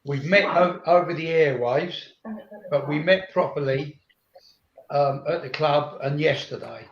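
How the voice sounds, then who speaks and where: An older man speaks with earnest warmth and small restarts. His voice sits a little high. The sound is roomy and muffled, like a video call from a home room. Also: measured pace, a little hiss or hum. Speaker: fan group member. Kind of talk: heartfelt farewell speech on a video call.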